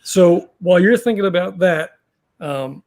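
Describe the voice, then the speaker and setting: A man's voice: sits high, lively intonation, measured pace, darkish tone. A man running a tabletop horror game as game master, rambling with many fillers and restarts.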